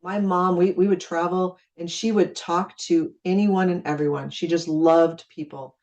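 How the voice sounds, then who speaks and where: A woman's voice: on the low side, fairly even intonation, moderate pace, a little mellow, muffled recording. A middle-aged woman from Minnesota giving a casual training talk on network marketing, chatty and acting out conversations. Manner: chatty, acts out conversations with friendly repeated phrases. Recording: speaking far from the mic.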